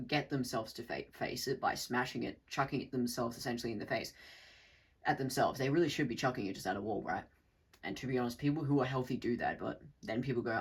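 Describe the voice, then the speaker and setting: A man in mid-pitch with a husky, slightly rough voice, working through a loose spoken monologue. He rambles and restarts his sentences, swears casually, and briefly mimics the people he is describing. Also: rough recording. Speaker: channel host.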